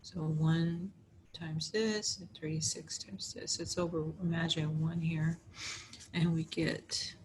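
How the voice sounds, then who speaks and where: A woman's voice: low-pitched, little pitch movement, takes it slowly, darkish tone, slight background noise, rough recording. A tired woman teacher patiently talking through arithmetic step by step in a recorded math lesson. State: tired, yawning.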